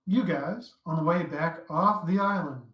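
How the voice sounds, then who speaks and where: A man narrating a tabletop game as dungeon master, easygoing and halting, with many fillers. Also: a little high, echoey room, muffled recording.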